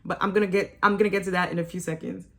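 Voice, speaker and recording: In a casual, opinionated recap of a reality show episode, a woman teases, laughs often, and mimics people in sarcastic asides. Her voice is lowish and fairly bright with a level tone, and she races along.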